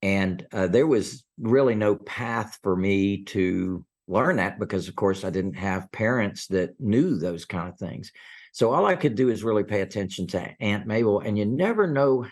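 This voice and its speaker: Older man telling animated stories. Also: lowish voice, normal speed. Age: 60s. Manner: animated storyteller, acts out quotes. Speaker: guest, real estate investor. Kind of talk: storytelling interview.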